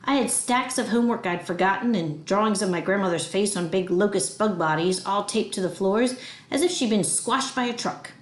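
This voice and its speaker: A woman reading a children's novel aloud with expressive storytelling. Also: medium pitch, normal speed, echoey room. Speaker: audiobook reader.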